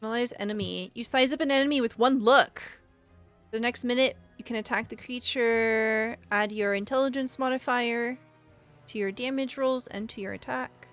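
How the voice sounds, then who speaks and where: A woman's voice: a little high, normal speed, fairly bright tone, soft background music. Woman game master reading out rules. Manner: reads out rules text, then casual table talk. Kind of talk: running a tabletop game over voice chat.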